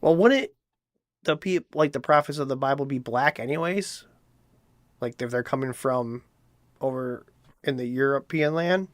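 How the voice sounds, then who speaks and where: A man's voice: medium pitch, measured pace, pauses often, no echo. Swearing, incredulous male show host. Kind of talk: profane comedic commentary.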